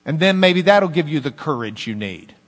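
A man preaching a sermon as pastor, animated, with swings between loud emphasis and hushed asides. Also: fairly high pitch, moderate pace, long reverb tail.

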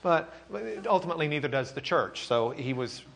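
A man teaching an animated classroom lecture in a conversational, lively way, acting out quotes. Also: medium pitch, brisk.

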